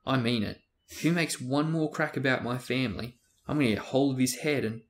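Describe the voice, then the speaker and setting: A man reading aloud, voicing a hot-tempered teenage boy wizard in a raised, excitable voice. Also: mid-range voice, a little fast, lightly acted. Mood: angry. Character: young male student wizard, hot-tempered.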